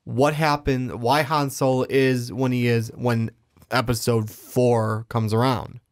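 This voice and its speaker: A man's voice: mid-range voice, flat delivery, slow pace. Easygoing young guy chatting about a movie, dry sound, no room echo. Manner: laid-back, agreeable, short replies. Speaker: podcast co-host. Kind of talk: casual movie chat.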